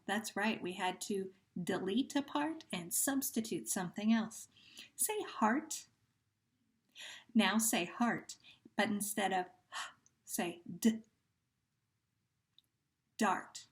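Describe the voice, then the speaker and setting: A woman teacher leading a phonemic awareness drill, speaking slowly and deliberately and giving patient, encouraging praise. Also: mid-range voice, expressive. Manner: slow, deliberate, stretches words when repeating them.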